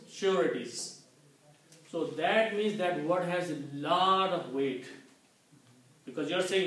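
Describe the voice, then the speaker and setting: A man teaching a classroom Quran lesson, explaining slowly and checking in with "okay" as he repeats each point. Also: on the high side, a bit bright. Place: community center classroom. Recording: very echoey room, distant mic, faint noise.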